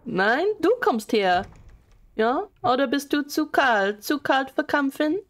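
A woman's voice: sits high, expressive, slow, pitched above the performer's own voice. Woman putting on a mock-angry German woman. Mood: taunting. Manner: teasing, picking a playful fight.

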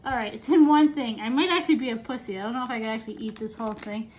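Woman vlogger, high voice, joking and reluctant, faint noise behind. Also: rapid-fire, highs cut off. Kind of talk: casual food challenge vlog.

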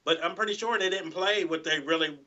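A man's voice: fairly high pitch, a little fast, pushed and bright, lo-fi sound. A man, a guest guitarist, chatting casually in an interview, rambling and full of "you know"s and restarts.

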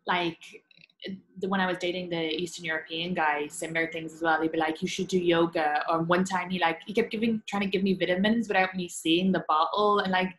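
A woman's voice: fairly low pitch, steady tone, a little fast, a bit bright, echoey room, low-quality recording. A woman hosting a podcast in casual chat, frank and swearing freely as she laughs along with her guest. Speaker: podcast host.

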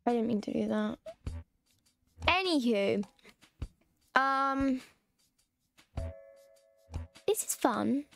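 A woman's voice: fairly high pitch, expressive, very slow, gravelly, long pauses, a bit bright, faint music behind. A woman chatting casually and rambling while she streams a game. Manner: chatty, rambling, self-mocking.

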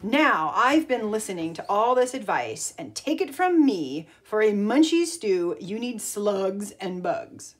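A woman's voice: medium pitch, very animated, a little slow, hardly any pauses, breathy edge. A woman voicing a bristly know-it-all male echidna in a storybook read-aloud, handing out bossy advice.

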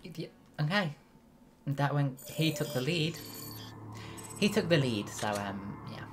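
A British woman with a strikingly deep, low voice gives chatty live commentary on a game she is playing. She talks straight to her chat and breaks into loud, excited shouts. Game music plays clearly behind her. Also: a little slow. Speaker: game streamer. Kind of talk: casual live gameplay commentary.

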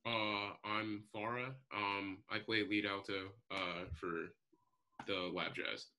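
A teenage student musician answering interview questions over a video call, hesitant with many ums. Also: male voice, on the low side, flat delivery, slow pace, bright, forceful tone, poor audio.

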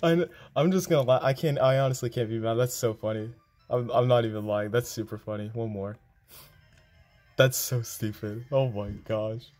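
A man giving live gameplay commentary, excitable and quick to groan and exclaim. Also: mid-range voice, faint music behind. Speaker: game video creator.

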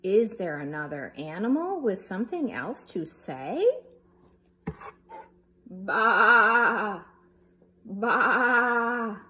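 A woman's voice: on the low side, huge pitch swings, normal speed, few pauses, warm tone. A woman reading a picture book aloud for young children in a playful way, making animal sounds as she goes. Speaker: storybook reader.

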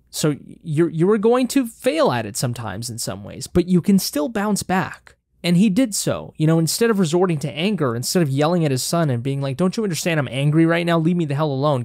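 A young man hosting a casual film analysis vlog, talking in an animated, rambling way and swearing casually. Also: fairly high pitch, no echo, clean studio sound. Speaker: film reaction host.

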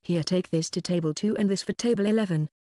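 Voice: medium pitch, fast, warm tone, no echo, studio quality, natural voice. A narrator reading an irritable young chef. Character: irritable young male chef, quick to explode.

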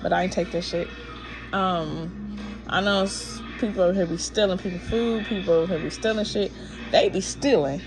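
A woman's voice: fairly low pitch, normal speed, over music. A woman vlogging a frustrated, rambling rant while drowsy from pain pills. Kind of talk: casual ranting to camera.

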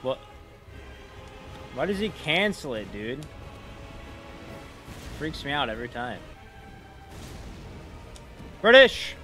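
A man's voice: mid-range voice, big pitch swings, slow pace, long pauses, over music. A young man giving profane, frustrated commentary while playing a game, trash-talking bosses. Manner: swearing, frustrated outbursts, mocking trash talk. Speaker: gaming streamer.

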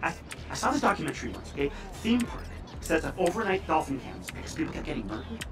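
A jumpy young hacker who swears freely and spins wild stories in a video game. His high voice bounces all over the place. He sounds a little distant from the mic, with loud game music behind him. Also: quick pace. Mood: joking. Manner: profane, excitable storytelling. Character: joking, paranoid young male hacker.

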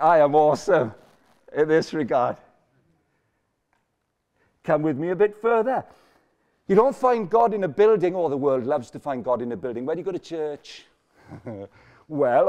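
A man preaching a lively sermon to a student conference in a lecture hall, energetic and jokey, repeating his points for emphasis. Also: fairly high pitch, normal speed, pauses often.

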